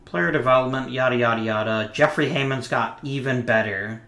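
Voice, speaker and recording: A man's voice: medium pitch, normal speed, pushed and bright, reverberant. Wry man muttering over a game. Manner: wry, muttering asides to himself. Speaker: let's play host. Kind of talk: casual gameplay commentary.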